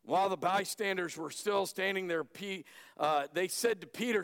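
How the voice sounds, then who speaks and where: A male pastor preaching a sermon dramatically, swinging between loud emphasis and hushed lines. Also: high voice, brisk. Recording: echoey hall.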